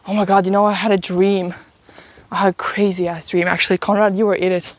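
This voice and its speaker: A woman's voice: mid-range voice, flat delivery, fast, no echo. Chatty young woman streaming while walking outdoors. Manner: chatty, rambling storytelling with frequent laughs and swearing. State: sick, stuffy. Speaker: live streamer. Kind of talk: casual live-stream chat while walking. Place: outdoors walking uphill in a town.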